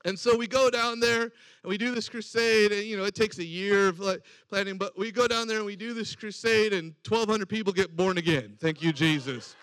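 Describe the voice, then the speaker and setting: A man's voice: sits high, fairly quick, fairly bright tone, dry recording. A man preaching a sermon, telling a personal story and acting out the voices in it. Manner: storytelling with acted-out quoted dialogue.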